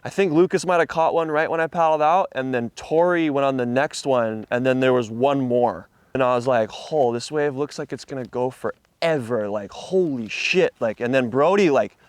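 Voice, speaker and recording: A man's voice: medium pitch, moderate pace, hardly any pauses, clear, resonant tone, no echo. A young man from Hawaii, a surfer telling a story in a casual interview with laid-back slang and a lot of swearing.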